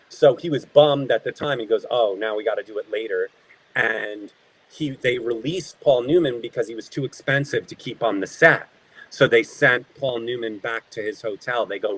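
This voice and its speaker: A man, an actor as an interview guest, telling animated behind-the-scenes stories and acting out the people in them. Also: mid-range voice, rough recording. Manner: animated anecdotes, acting out quoted voices. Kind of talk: casual storytelling.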